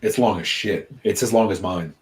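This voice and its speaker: A man co-hosting a casual podcast chat over a video call, talking in a relaxed, rambling way with lots of fillers. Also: deep voice, moderate pace, slight background noise. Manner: laid-back, chatty, lots of fillers and laughter. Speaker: podcast co-host.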